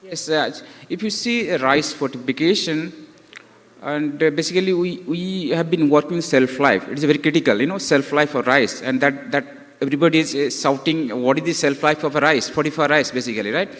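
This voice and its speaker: Higher-pitched panel moderator. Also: male voice, fairly quick, a bit bright. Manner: hesitant, leans on "you know". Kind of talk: panel discussion. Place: conference hall. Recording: reverberant conference hall.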